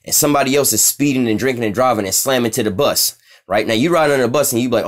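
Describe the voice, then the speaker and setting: Speaking as a religious teacher, this man reads scripture at a slow pace and comments on it in a loose, profane way, checking "all right?" over and over. His pitch is medium.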